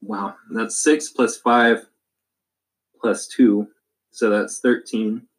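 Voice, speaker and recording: A man's voice: on the low side, steady tone, drawn-out words. A man playing a tabletop game, chatty and a little hesitant, apologizing and thinking aloud. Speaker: player. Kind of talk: casual play at a game table.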